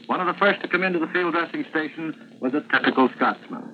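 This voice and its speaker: A man filing a vivid wartime radio report from the front, told in a measured storytelling way. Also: a little high. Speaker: war correspondent. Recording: tinny, hissy 1940s radio archive.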